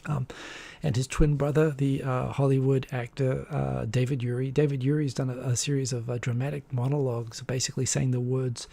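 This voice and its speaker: Hosting his weekly live stream, a man talks in a mid-range, gravelly voice with a warm tone, flat delivery and a fairly quick pace. He chats casually, rambles, restarts often and chuckles.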